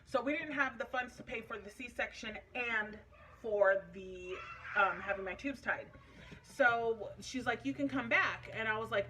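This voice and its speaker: A woman's voice: medium pitch, moderate pace, bright, forceful tone, slight background noise. A young adult woman vlogging casually, telling a personal story in a chatty, emotional way with many fillers.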